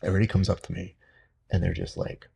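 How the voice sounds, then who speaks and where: A man's voice: deep voice, fairly even intonation, fast, creaky, mellow, a little hiss or hum. A middle-aged man hosting, telling a story in casual conversation with dry, self-deprecating humor. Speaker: podcast host.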